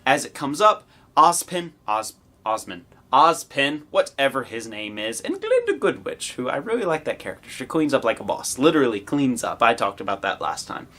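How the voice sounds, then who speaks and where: Excitable male host with a lively voice. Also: medium pitch, normal speed. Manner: excitable, shouts and cheers in bursts, rambling asides. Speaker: host of a review show. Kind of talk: excited casual review commentary.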